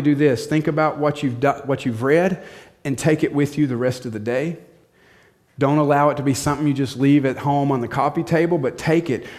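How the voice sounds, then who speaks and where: A man's voice: fairly high pitch, a little mellow. A male pastor preaching a sermon in a direct, practical way, repeating short commands.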